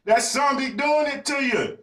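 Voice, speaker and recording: A man's voice: extremely high pitch, unhurried, fairly bright tone. A man hosting a live podcast who talks straight to viewers in the chat and repeats his phrases for emphasis. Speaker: podcast host. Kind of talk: live-streamed podcast monologue. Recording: echoey room.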